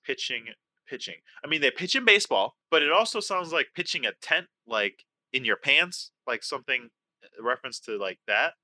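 A man chatting casually on a livestream quiz game, goofy and quick to swear, given to mock-outraged rants. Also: fairly high pitch, lively intonation, bright, forceful tone, dry recording. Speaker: game contestant and stream co-host.

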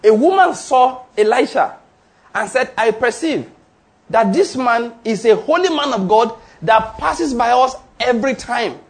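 Speaking at a measured pace in a very high-pitched, expressive voice, this man delivers a sermon before a church congregation. As their pastor, he tests them through call-and-response, hammers his points home through repetition, and occasionally laughs.

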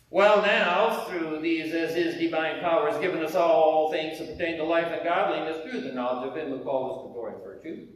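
A man's voice: fairly high pitch, normal speed, hardly any pauses, far from the mic, a little hiss or hum. A man from the United States preaching a sermon in a conversational way, firing rhetorical questions at the congregation in a church. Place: church sanctuary. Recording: very echoey hall, heard from afar.

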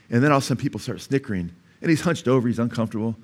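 A man's voice: mid-range voice, rapid-fire, few pauses. A man with an American accent preaching a sermon in a church, telling stories in a conversational way and acting out the people in them. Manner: conversational storytelling, acts out quoted voices. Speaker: pastor. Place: church sanctuary.

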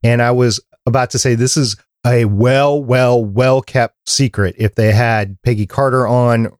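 A man's voice: mid-range voice, steady tone, unhurried, a little mellow, no room sound. Man host, easygoing hedging chat, dry close mic. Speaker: podcast host. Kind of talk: casual chat.

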